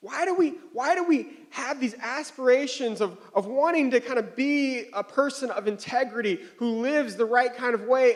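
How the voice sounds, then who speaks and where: A man in his thirties preaches with a light, high-pitched voice. His delivery is loose and chatty, full of fillers and small laughs, like a pastor telling a story from home. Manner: casual, conversational, with frequent fillers and chuckles. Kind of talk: sermon with personal story.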